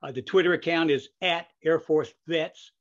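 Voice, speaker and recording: Older male podcast host, slightly high voice, rambling chatty delivery full of fillers, muffled lo-fi recording. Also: normal speed. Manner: rambling, with many fillers and restarts. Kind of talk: casual interview chat. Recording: dull lo-fi audio.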